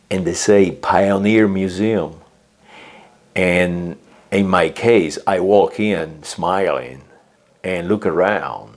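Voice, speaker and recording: Slow low-voiced man ranting. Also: a little mellow. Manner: slow, hesitant, repeats words and says "uh" often; lectures with acted quotes. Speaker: vlogger. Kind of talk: political rant.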